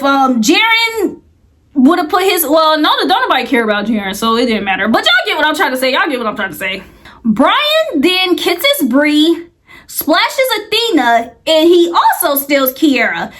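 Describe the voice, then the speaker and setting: A woman's voice: high-pitched, fairly bright tone. A woman casually recapping a reality show, rambling and chatty with lots of filler words.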